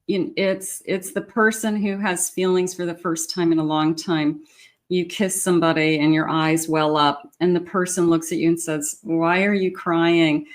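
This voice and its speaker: A woman giving a love tarot reading, speaking straight to the viewer in an encouraging way with frequent pauses and fillers. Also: lowish voice, flat delivery. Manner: warm, encouraging, talks directly to the viewer with many fillers. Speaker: tarot reader.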